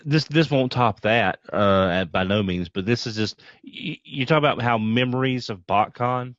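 A man's voice: mid-range voice, moderate pace, fairly bright tone, no room sound, highs cut off. A man co-hosting a podcast, telling a rambling, easygoing anecdote. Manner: easygoing, rambling with fillers and restarts. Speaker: podcast co-host. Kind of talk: casual storytelling chat.

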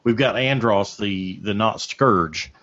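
A man co-hosting a casual podcast, explaining in a measured way, pausing on many "uh"s. His voice sits a little low. The recording is muffled and lo-fi. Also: a bit bright. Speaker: podcast co-host sharing the screen. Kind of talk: casual chat. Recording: muffled lo-fi audio.

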